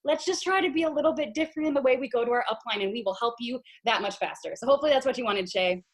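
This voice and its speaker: A woman's voice: fairly high pitch, racing. Peppy woman giving a team pep talk. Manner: lively, pep-talk, says "you guys" a lot. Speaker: team leader on a sales call. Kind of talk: motivational group video call talk.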